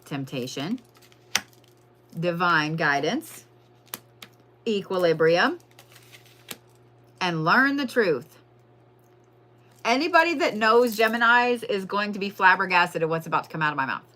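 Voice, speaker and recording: A woman's voice: on the low side, expressive, measured pace, pauses often, sharp tone. A woman giving a casual, profane live crystal and zodiac reading, chatting to viewers as y'all. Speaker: livestream tarot and crystal reader.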